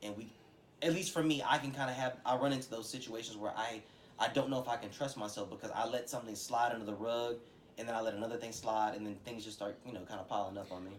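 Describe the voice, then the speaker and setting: A man's voice: mid-range voice, steady tone, fast talker. Man, podcast co-host, casual slangy chat, acts out friends' voices, faint background hiss. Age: adult, has a son. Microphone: podcast microphone.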